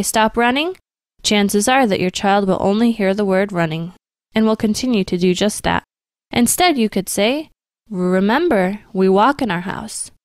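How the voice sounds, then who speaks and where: A young adult woman reading a scripted parenting talk for a radio program in a calm, gentle, measured way. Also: medium pitch, no room sound, clean studio sound. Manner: calm, gentle and measured, acting out child-directed quotes.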